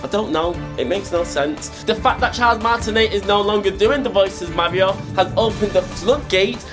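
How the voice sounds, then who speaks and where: A man hosting video game news, animated and exasperated, ranting and repeating himself. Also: high-pitched, normal speed, music in the background. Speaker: gaming news host.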